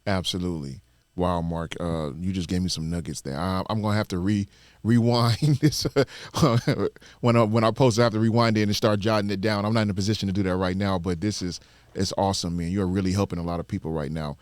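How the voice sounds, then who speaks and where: Male podcast host, lowish voice, encouraging, dry sound. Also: fairly even intonation, brisk, no room sound. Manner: encouraging, frequent back-channel murmurs. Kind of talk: podcast interview.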